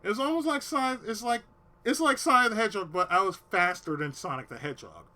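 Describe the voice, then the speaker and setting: A high-voiced man talks fast with lively intonation and a sharp edge, telling his stream a long personal story. His speech is casual and full of swearing, and he drops almost to a whisper when quoting himself.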